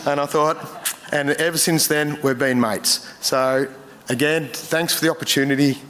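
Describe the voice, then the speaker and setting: An Australian man giving a eulogy full of personal stories, emotional and struggling to hold it together, with many pauses and fillers. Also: mid-range voice, fairly even intonation, a bit bright. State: choked up. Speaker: memorial speaker.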